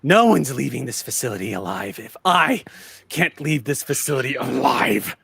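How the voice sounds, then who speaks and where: A man's voice: mid-range voice, expressive, normal speed, vocal fry, a crowd in the background. A man voicing a threatening woman hostage-taker speaking over a facility intercom, taunting and making threats. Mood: menacing.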